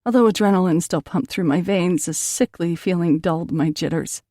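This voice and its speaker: A woman's voice: lowish voice, normal speed, dark tone, dry recording, clean studio sound. A woman narrating an audiobook in an emotional first-person reading.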